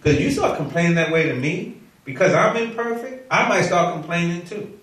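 A man leading a Bible study, reading scripture slowly and solemnly, then teaching the group conversationally with questions. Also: sits high, expressive, fairly bright tone. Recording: echoey room, mic far off.

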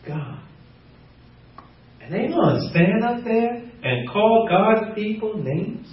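Animated preacher man in a roomy hall. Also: high voice, slow. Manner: animated, laughing often, voices quotes. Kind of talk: teaching sermon. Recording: roomy, distant, muffled.

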